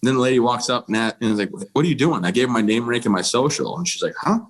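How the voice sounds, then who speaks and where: An American man in his thirties, a guest on a podcast, tells a personal story candidly in conversation. He's blunt and plainspoken, often restarting and saying "you know," and his medium-pitched voice races along.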